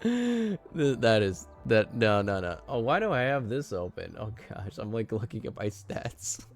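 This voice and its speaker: A man's voice: fairly low pitch, big pitch swings, measured pace, soft background music. A man live-streaming a game, chatting casually and rambling, laughing often and sounding flustered.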